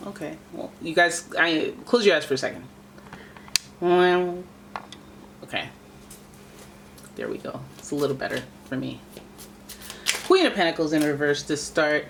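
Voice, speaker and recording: Chatty low-voiced woman reading tarot. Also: a little slow, pauses often, slight background noise. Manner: chatty, playful, talks to the cards. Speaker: tarot reader.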